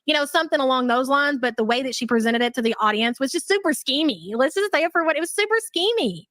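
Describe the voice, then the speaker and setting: Gossipy, chatty woman co-host; a bit high-pitched, dry close sound. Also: lively intonation, quick pace, fairly bright tone, no echo. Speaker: live stream co-host. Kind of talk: casual chat.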